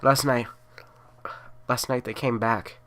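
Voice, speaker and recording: A man voicing a terrified mother in hiding, pleading in a high, strained, sobbing voice. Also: moderate pace, sharp tone, natural voice. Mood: panicked.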